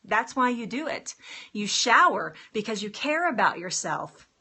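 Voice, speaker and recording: A woman's voice: fairly high pitch, big pitch swings, a little slow, bright, forceful tone, husky. A woman health coach chatting casually on a live stream, upbeat and talking straight to her viewers about getting started with exercise.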